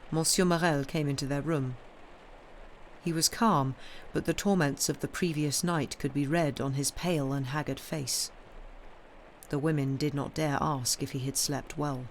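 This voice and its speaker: Steady woman reading a classic novel. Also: low voice, a little hiss or hum. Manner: steady, measured storytelling with small restarts. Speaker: reader. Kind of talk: reading a classic novel aloud on a live stream. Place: home streaming setup.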